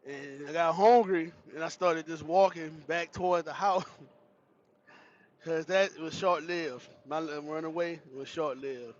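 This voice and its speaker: A man hosting a livestream tells his chat a funny childhood story, laughing and cursing as he goes in an animated, profane style. His voice is on the high side and his pace measured, while the audio sounds dull.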